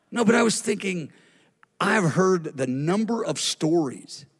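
Guy preaching in a big echoey hall, high voice, animated storytelling. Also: moderate pace. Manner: animated storytelling, acts out quotes. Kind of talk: sermon.

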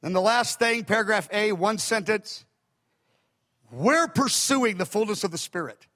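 An older man preaching in a very high, lively voice that swoops up and down as he tells his stories. His tone is bright and forceful, with animated emphasis. The sound rings with a long hall echo. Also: a little slow. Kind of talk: sermon. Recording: echoey hall.

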